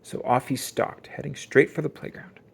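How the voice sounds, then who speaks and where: A reader reading a children's picture book aloud in an expressive storytelling manner. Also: mid-range voice, moderate pace, creaky, noisy background.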